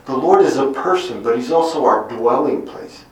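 A middle-aged man preaching a Bible teaching sermon, deliberate and lingering on single emphatic words. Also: medium pitch, expressive. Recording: very echoey room, mic at a distance.

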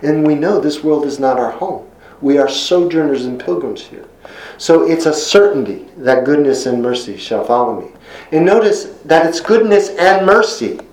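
A man preaching a sermon in an earnest, emphatic way, slowing down to stress key phrases. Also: a little high, expressive, a little mellow, reverberant, low-quality recording.

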